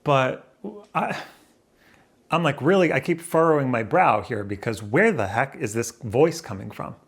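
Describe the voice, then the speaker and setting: A man with a mid-range, breathy-edged voice talks unhurriedly, his intonation lively. He sits by a window indoors, musing to the camera in front of him, rambling and questioning himself along the way.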